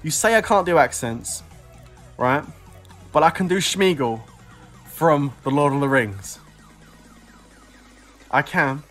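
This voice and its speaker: A man streaming a game, excitable, whooping and laughing as rewards drop. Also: on the high side, takes it slowly, pauses often, soft background music. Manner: excitable, shouting and laughing at drops. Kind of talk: live game commentary.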